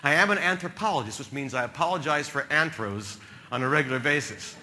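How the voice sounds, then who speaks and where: A man from New Jersey telling comic adventure stories as a keynote speaker, with sudden loud bursts. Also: fairly high pitch, lively intonation, a little fast, slight background noise. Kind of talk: storytelling keynote speech.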